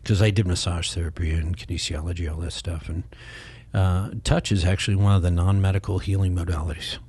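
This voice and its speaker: Middle-aged male podcast guest, husky low voice, close dry mic, rambling storyteller. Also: brisk, dry recording. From Kansas City, Missouri. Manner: rambling, animated, acts out quoted voices. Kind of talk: casual storytelling.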